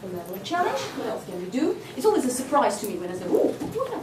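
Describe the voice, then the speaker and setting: A woman training teachers in a workshop lecture, lively and constantly quizzing her audience with quick questions. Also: a little high. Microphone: distant mic. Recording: echoey hall from far off, noisy.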